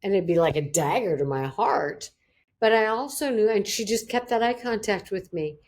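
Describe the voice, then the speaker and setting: Woman, podcast guest, casual chat, mid-pitched voice, emphatic, dramatizes quotes. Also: normal speed, a little mellow. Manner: emphatic, acts out quotes with big pitch swings.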